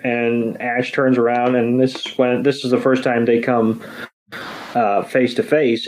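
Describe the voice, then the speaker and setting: A man's voice: mid-range voice, a little mellow, poor audio. A man co-hosting a podcast, recapping a cartoon episode with sarcastic wisecracks. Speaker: podcast co-host. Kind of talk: casual episode recap chat.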